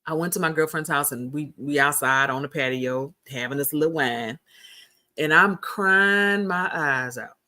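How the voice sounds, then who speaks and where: A woman host telling a personal story in a casual, animated chat, repeating herself for emphasis. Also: low-pitched, unhurried.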